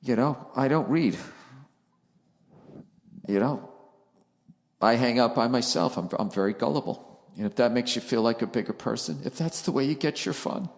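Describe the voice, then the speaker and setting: A man's voice: medium pitch, animated, moderate pace, creaky, long pauses. A man hosting his podcast alone, talking in a rambling, profane and sarcastic way from the attic of a house. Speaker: podcast host. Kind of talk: casual solo podcast monologue. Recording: echoey attic room.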